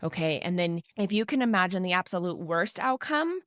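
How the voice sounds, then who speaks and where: A woman podcaster talks candidly to her listeners in a slightly low voice and is close to tears at times. Her talk is frank and heartfelt, with a lot of "like" and "right?" The recording is dry and close, with no room sound. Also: expressive, a little fast, a bit bright, dry recording. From Colorado, USA. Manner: candid and emotional, talking through tears. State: tearful at times. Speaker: podcast host. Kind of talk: personal podcast monologue.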